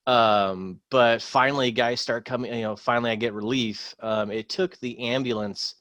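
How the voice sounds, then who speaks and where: A man, a former Marine, telling a war story in casual podcast chat, rambling with many pauses and swearing freely. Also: medium pitch, steady tone, fairly bright tone, no echo.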